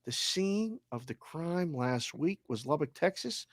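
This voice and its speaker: This man speaks in a Boston accent with a fairly high voice. He hosts a casual sports talk show and fires off energetic listener shout-outs. The sound is dry and close. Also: unhurried, no room sound. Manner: energetic, shout-outs with area codes and towns. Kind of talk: roll call of listeners, casual.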